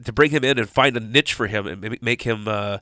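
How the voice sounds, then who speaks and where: A man's voice: fairly low pitch, brisk, pushed and bright, no room sound. A man hosting a sports talk show, asking questions with hesitant fillers. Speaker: radio show host. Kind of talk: casual interview questions.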